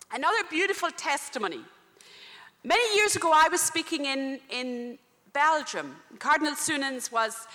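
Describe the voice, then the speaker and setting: Nun preaching with lots of stories, swoopy lively voice, echoing around a hall. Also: female voice, high-pitched. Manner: animated storytelling, acts out the people she quotes. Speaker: Catholic religious sister and speaker.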